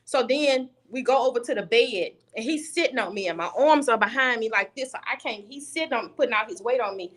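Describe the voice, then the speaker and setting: A woman's voice: fairly high pitch, expressive, fairly quick, few pauses, fairly bright tone. A young woman guest on a video call, telling a personal story candidly and bluntly, often restarting her sentences.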